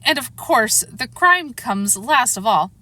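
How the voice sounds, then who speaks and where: A woman reading aloud gives a muddled storybook queen who talks in a lofty, fussy way and can tip into shrill shrieks. The voice sits raised and bright with wide swings in pitch, heard dry and close. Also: lively intonation, slow, no room sound, full character voice. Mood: matter-of-fact. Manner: flustered, lofty, given to shrill screams. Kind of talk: audiobook character reading.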